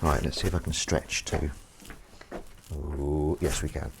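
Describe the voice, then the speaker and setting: A rumbling low, gravelly voice with flat delivery moves a little slowly, with a faint hiss or hum on the recording. The man hosts a casual livestream from his home kitchen, washing up while he chats. He rambles, runs himself down, and reads out chat comments over clinking dishes and cutlery.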